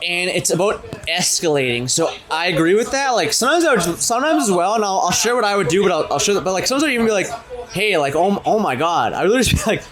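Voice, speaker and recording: A young man with a high voice chats on a podcast, talking fast and animatedly and acting out his own pickup lines. He swears freely. A busy crowd murmurs clearly behind him. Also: sing-song. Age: 20s. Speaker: podcast co-host. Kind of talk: casual podcast chat.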